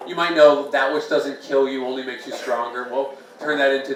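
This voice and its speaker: Picked up from a distance by an echoey room mic, a male comedian does self-deprecating stand-up at a small bar's open mic, bantering playfully with the audience as they laugh. He has a steady, mid-range voice, keeps a moderate pace, and barely pauses, over a noisy background.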